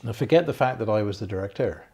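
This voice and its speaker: A man's voice: fairly low pitch, animated, fast talker, gravelly, a little mellow. A man hosting a casual interview, asking long, hesitant questions full of restarts. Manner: hesitant, many fillers and restarts. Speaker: interviewer and film director.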